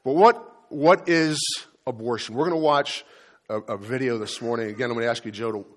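A man preaching a sermon as pastor, telling a personal story in an earnest, halting way with frequent restarts. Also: medium pitch. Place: church.

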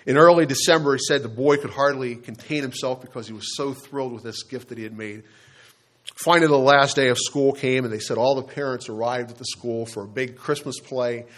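A man's voice: medium pitch, fairly even intonation, fairly bright tone. Storytelling male preacher. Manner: storytelling, addresses the congregation directly, slows down for emphasis. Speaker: pastor. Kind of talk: sermon.

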